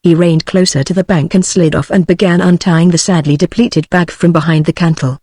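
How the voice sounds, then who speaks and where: A synthetic female text-to-speech voice with a British English accent, reading a novel as an audiobook narrator in an even, measured way. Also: on the low side, slightly rough, no echo, studio quality. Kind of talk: scripted narration.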